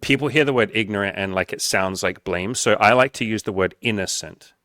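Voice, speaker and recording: An earnest man coaching in a relaxed podcast conversation. His voice sits low and close, with a dry, dead sound and no room around it. He explains patiently and slips into voicing people's worried self-talk. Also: a little fast, no room sound. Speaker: dating coach and podcast host.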